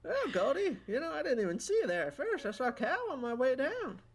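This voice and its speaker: A woman's voice: high voice, big pitch swings, brisk. A woman voicing a secretive frontier man in a western roleplay game, wary and questioning. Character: secretive frontier man guarding his stash.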